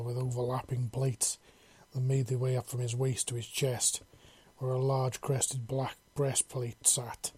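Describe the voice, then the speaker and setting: Husky-voiced man narrating a sci-fi story. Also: mid-range voice, no room sound. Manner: steady descriptive storytelling. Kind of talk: reading a sci-fi fan story aloud.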